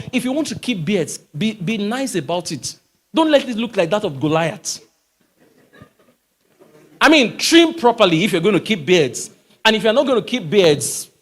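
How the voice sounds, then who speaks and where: Brief: lively male speaker, high and swooping, emphatic, quizzes the crowd. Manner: emphatic, animated, asks rhetorical questions. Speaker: motivational speaker. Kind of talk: live talk to a church audience. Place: church hall, live audience.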